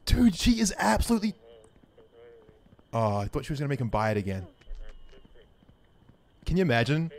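A man streaming a game live, giving excitable, profane running commentary and talking to his chat. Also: on the high side, normal speed, pauses often.

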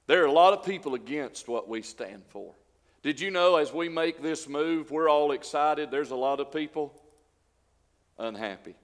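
A male pastor, preaching a sermon full of rhetorical questions and swinging between loud and soft. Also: a little high, expressive, moderate pace, long reverb tail. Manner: preaching with rhetorical questions, swelling and dropping in volume. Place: church sanctuary.

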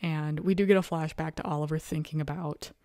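A woman's voice: sits low, fairly even intonation, a little fast, a little mellow, dry recording, studio quality. A young adult woman hosting her own show, chatting animatedly and with exasperation, laughing often. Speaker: show host. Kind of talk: casual recap chat.

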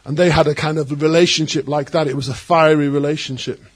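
A man preaches with a fairly high, husky voice. He is animated and breaks into quoted voices as he speaks. His delivery is laced with joking asides. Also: fast talker. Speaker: pastor. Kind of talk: sermon.

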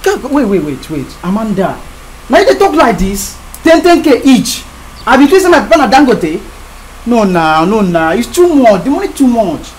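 A woman's voice: on the high side, big pitch swings, normal speed, a little mellow, a little hiss or hum. A pleading friend with a Nigerian Pidgin accent. Her raised voice rises and falls widely as she stammers and coaxes. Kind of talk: film drama acting.

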